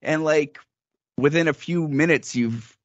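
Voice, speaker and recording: A young man, father of small children, explaining a practical tip in a relaxed casual chat. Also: fairly high pitch, unhurried, no room sound, dull audio.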